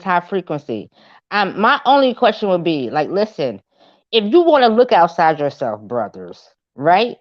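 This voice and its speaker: A woman's voice: medium pitch, no room sound. A woman arguing her point in a heated online audio debate, insistent and repetitive, asking others to be respectful. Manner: insistent, repeats herself, pleads for respect. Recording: dull lo-fi audio-room stream.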